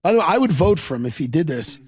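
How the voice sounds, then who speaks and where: A man hosting a podcast, riffing in a sardonic, rambling comedic monologue with quick asides. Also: on the high side, very animated, husky, no echo, clean studio sound. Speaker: podcast host.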